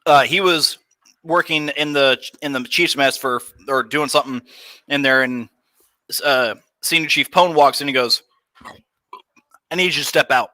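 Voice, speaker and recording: A man's voice: mid-range voice, moderate pace, long pauses, pushed and bright, no echo. A young man, a guest, telling profane stories in loose casual chat. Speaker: podcast guest.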